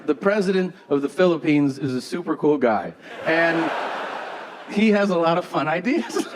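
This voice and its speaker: A man doing a stand-up comedy set on stage, telling stories in a deadpan way and acting out both sides of the dialogue. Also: fairly high pitch. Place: theater stage before a live audience. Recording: live show with crowd noise. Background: audience laughter.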